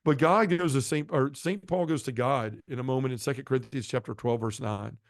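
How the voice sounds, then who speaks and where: A middle-aged man, a podcast guest, tells his conversion story as an emotional testimony, earnest and impassioned, shifting in pitch and volume. He speaks briskly, with no room sound.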